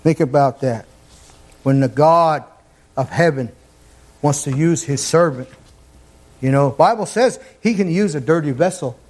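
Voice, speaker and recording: A male preacher delivers a fervent sermon in a church. His voice sits fairly high and pushes upward into shouts as he drives his points home. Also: unhurried, long pauses.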